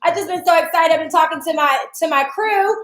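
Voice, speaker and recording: A woman with a very high, brisk voice hosts a livestreamed beauty and self-love show, streaming to social media from a device. The recording is rough and reverberant. Bubbly and a little winded, she chats casually, greeting viewers by name and laughing often.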